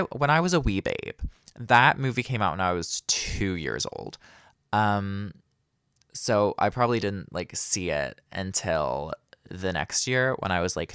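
A man's voice: fairly low pitch, a bit bright, smooth, no echo, studio quality. A young man hosting a casual solo podcast, rambling and self-deprecating with lots of fillers. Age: young adult. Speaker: podcast host.

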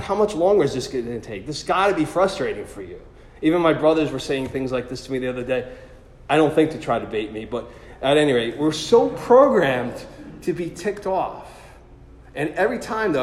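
A man telling a personal story as a sermon, in an animated, self-deprecating way. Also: mid-range voice, a little hiss or hum. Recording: echoey hall with long reverb.

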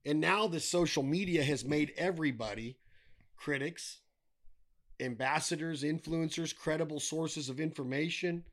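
A middle-aged man with a slightly high-pitched voice chats casually as a podcast guest. He is blunt and swears freely. He rants with wry humor. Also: normal speed, a bit bright. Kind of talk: casual chat.

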